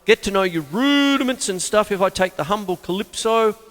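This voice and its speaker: An older man, giving a casual spoken drum lesson, chatty and self-mocking with sudden loud exclamations. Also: high-pitched, lively intonation, fairly quick. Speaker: drum teacher. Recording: drum studio with long reverb and loud drums.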